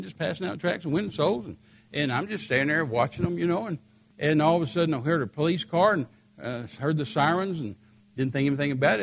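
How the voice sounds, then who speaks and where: A gravelly, somewhat high voice belongs to an older American preacher, heard over a little hiss or hum. He animatedly tells dramatic stories from his own life as part of a sermon, voicing the people in them.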